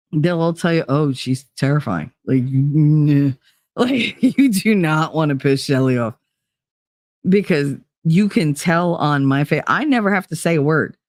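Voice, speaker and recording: A woman's voice: sits low, darkish tone, dry recording, studio quality. A woman with a New Jersey accent hosting a livestream, chatting casually with viewers in a blunt, profane, rambling way. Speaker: livestream host. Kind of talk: casual chat with live viewers.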